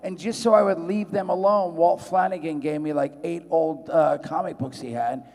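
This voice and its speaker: A man spins loose, profane stories for a live panel audience. His voice sits a little high and gravelly, and he jumps into excited voices when he quotes people. Everything rings with the long reverb of a big convention hall. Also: moderate pace.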